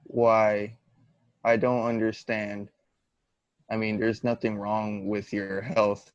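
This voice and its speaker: A man reading the part of a young male schoolmaster in a flat, unemotional class read-through, over muffled audio. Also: on the low side, slow, smooth, no echo.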